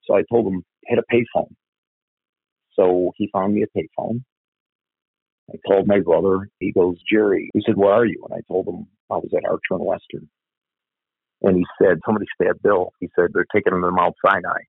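A man's voice: low-pitched, fairly even intonation, a little fast, gravelly, breathy edge, no echo. An older man, a former cop telling a story bluntly, with some swearing. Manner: blunt, profane. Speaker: retired police officer. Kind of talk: storytelling interview. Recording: tinny phone-like line.

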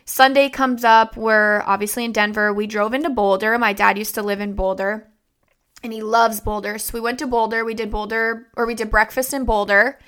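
A woman's voice: fairly high pitch, fairly even intonation, normal speed, fairly bright tone, clear, resonant tone. A young woman vlogger telling a personal story in a rambling, conversational way, full of fillers and restarts.

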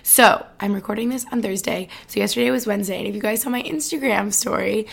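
A young woman in her twenties hosting a casual podcast, talking fast with lots of "like" and often out of breath. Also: mid-range voice. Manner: fast, breathy, filler-heavy talk with frequent "like". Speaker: podcast host. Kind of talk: casual chat.

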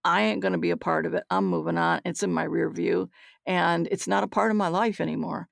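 An older woman speaks with a heavily gravelly, creaky voice, recorded dry and close. She is a psychologist guest who tells her stories bluntly and acts out each line of dialogue. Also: lowish voice, fairly even intonation, brisk, dry recording. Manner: forthright, acts out quoted dialogue. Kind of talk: candid storytelling interview.

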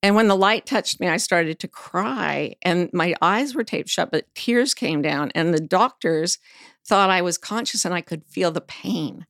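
Frank woman with a gravelly voice. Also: lowish voice, animated, measured pace, fairly bright tone, no room sound, clean studio sound. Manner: candid, frank, sometimes swears. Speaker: interview guest. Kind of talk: personal storytelling in conversation.

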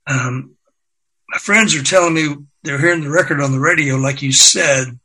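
A man's voice: on the high side, normal speed, sharp tone, slightly rough, poor audio. A man quoting a laid-back rock star who speaks with a southern drawl, hesitant and full of "uh"s. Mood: cautious.

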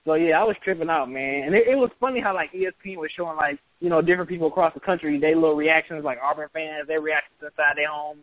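A man co-hosting a sports podcast, telling the story in an excited, animated way. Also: a little high, fast, hardly any pauses, no room sound. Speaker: podcast co-host. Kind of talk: casual sports chat. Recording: tinny phone-like sound.

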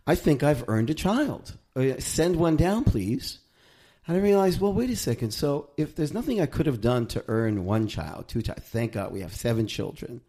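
A man who is a rabbi and author speaks as a guest in an interview, reflecting gently like a teacher. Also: medium pitch, expressive, moderate pace, slightly rough. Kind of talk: conversational interview.

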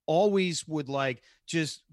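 A man's voice: a little high, slow pace, darkish tone, no echo, clean studio sound. Playful male podcast co-host. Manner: playful, riffing. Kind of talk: casual chat.

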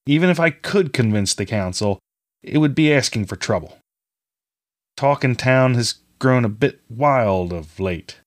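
A man voicing a middle-aged farmer father who speaks gently and kindly to his daughter. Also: medium pitch, animated, unhurried, close to an everyday voice. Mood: gentle, fatherly.

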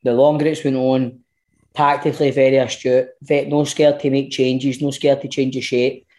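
A man with a Scottish accent, co-hosting a casual football podcast, talking bluntly with swearing and animated asides. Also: medium pitch, normal speed. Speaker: podcast co-host.

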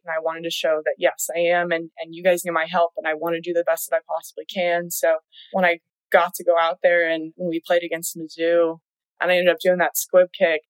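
A woman's voice: lowish voice, no echo, low-quality recording. A young woman telling her story as a guest in a casual chat, laughing often and saying "like" a lot. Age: young adult. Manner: chatty, laughs often, many "like"s. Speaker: guest, college athlete.

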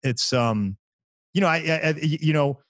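A man's voice: fairly high pitch, a little slow, no room sound. A man who is a stand-up comedian, telling stories in casual podcast conversation, stumbling over and repeating words as he talks. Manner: animated, repeats words, lively impressions in stories.

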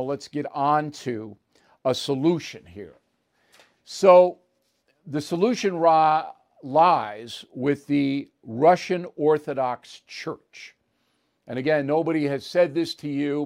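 A man's voice: a little high, a little mellow. Blunt, emphatic male show host. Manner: emphatic and blunt, punctuating points with "okay?" and "all right?". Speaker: political commentator hosting his own show. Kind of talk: opinion commentary monologue.

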